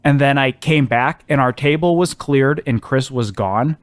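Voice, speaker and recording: A young man casually telling a funny travel story on a podcast, animated, laughing often, with many ums. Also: medium pitch, measured pace, dry recording. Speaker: podcast co-host.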